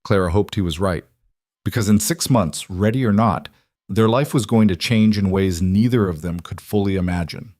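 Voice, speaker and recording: A man narrating a frontier romance audiobook in an even, measured storytelling manner. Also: on the low side, no echo, studio quality.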